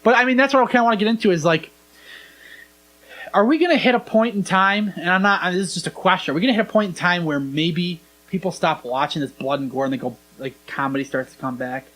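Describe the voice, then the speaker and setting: A man's voice: sits high, fast talker. A young man hosting a podcast, casually retelling scenes and acting out the lines. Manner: animated storyteller, acts out quoted lines. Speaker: podcast host. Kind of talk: casual chat.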